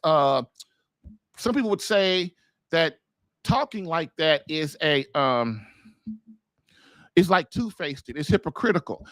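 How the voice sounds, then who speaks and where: A marriage coach hosting an advice podcast talks informally and with emphasis, driving his points home through rhetorical questions. His high, slightly bright voice is recorded dry, with no echo.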